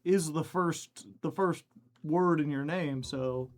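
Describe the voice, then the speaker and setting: Breathless high-voiced male streamer, slow talk. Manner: chatty, reading out chat names. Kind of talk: casual stream chat greeting viewers.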